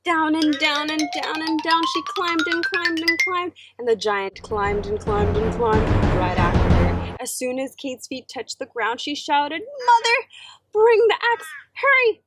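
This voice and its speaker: A woman teacher reading a children's story aloud, slow, gentle and expressive. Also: sits high, over loud music, rough recording.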